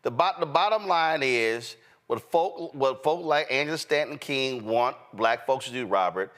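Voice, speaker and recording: A man's voice: mid-range voice, lively intonation, moderate pace, fairly bright tone. A man hosting a political commentary show, talking bluntly and emphatically in a colloquial way. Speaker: host.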